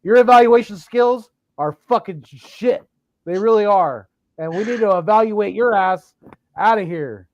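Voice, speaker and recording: A man's voice: sits high, unhurried, darkish tone, no echo, dull audio. A man co-hosting a sports podcast, venting with frustrated, profane talk. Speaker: podcast co-host. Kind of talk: casual sports chat.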